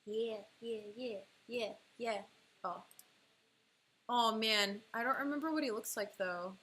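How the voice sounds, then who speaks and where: A young woman chatting casually on a livestream, excitable and quick to laugh at herself. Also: a little high, slight background noise. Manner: excitable, laughing often, self-deprecating groans. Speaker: illustrator streaming live. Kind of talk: casual livestream chat while playing a drawing game.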